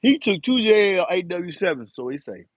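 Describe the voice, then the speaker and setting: Very animated and high-voiced, this man of about fifty, in his 50s, speaks at a moderate pace with no echo. He's a live-stream host and enclosure builder, casually chatting and rambling in slang.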